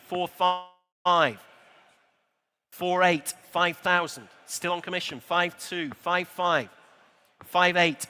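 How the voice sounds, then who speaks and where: A man calls a live auction, firing off bids in quick, chatty patter sprinkled with dry asides. His high, bright voice cuts through, while long reverb rings off the walls of a large exhibition hall.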